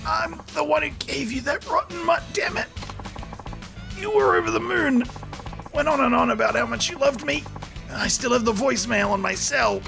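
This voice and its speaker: A man's voice: extremely high pitch, normal speed, creaky, music in the background, pitched above the performer's own voice, exaggerated voice. A man voicing a clingy, whiny man pleading with his ex in a video game.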